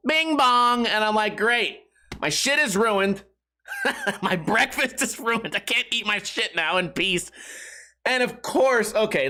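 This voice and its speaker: A man's voice: high-pitched, bright, forceful tone. A man hosting a podcast, rambling through a crude comedic monologue and laughing at his own jokes. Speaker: podcast host.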